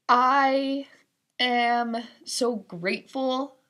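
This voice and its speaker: A woman's voice: sits high, bright, forceful tone. A young woman co-hosting a podcast, chatting casually and emotionally, laughing often. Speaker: podcast co-host. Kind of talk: casual chat.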